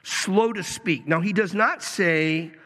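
A man preaching a sermon as a pastor, animated, with joking asides and acted-out quotes. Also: high-pitched, takes it slowly. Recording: long hall reverb.

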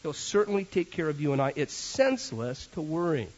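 Lively high-voiced pastor preaching. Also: male voice, brisk. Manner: animated storyteller with joking asides. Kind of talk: sermon. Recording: dull lo-fi sermon recording.

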